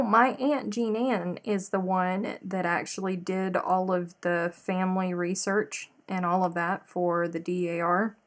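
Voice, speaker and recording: Chatty woman telling stories. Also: lowish voice. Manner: chatty, animated storytelling, addresses viewers directly. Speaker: crochet live stream host. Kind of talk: casual live chat while crocheting.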